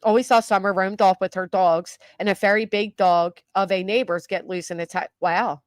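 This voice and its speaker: A woman's voice: medium pitch, steady tone, normal speed, no echo. An older woman hosting a true crime livestream, reacting casually to viewer comments and news clips with frequent fillers and restarts.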